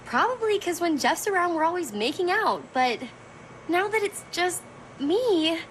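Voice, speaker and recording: A woman's voice: extremely high pitch, very noisy, exaggerated voice. An actress voicing a lovesick teenage girl contestant in a cartoon, flustered and dreamy as she talks. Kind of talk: cartoon voice acting.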